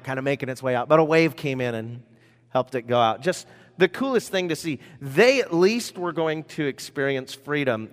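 A man's voice: medium pitch, fairly bright tone. Chatty man preaching in a hall. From United States. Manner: conversational, rambling with fillers and asides. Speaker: pastor. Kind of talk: sermon with personal stories. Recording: reverberant hall.

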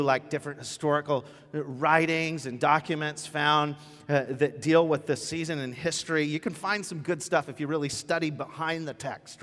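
A man preaching a casual, joking sermon as pastor, telling the story with lively asides. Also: on the high side. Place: church sanctuary. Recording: church hall with long reverb.

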